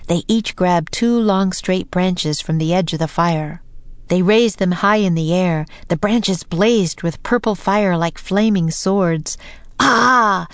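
A woman narrating a children's audiobook in a slow, deliberate reading voice. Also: on the low side, darkish tone, smooth, no room sound.

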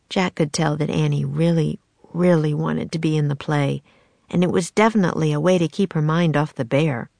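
A woman narrating a children's storybook in a measured, expressive reading. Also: deep voice, vocal fry, no echo.

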